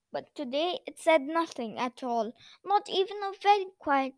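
A woman hosting a children's bedtime story show, reading aloud in a gentle, expressive storybook manner. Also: high voice, normal speed, no echo. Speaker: storyteller host.

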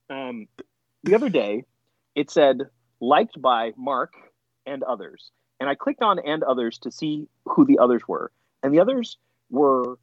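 A man's voice: medium pitch, husky, no echo, dull audio. Guy cracking up telling work stories, voice all over the place. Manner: animated, laughing storyteller. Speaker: podcast guest. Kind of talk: casual storytelling chat.

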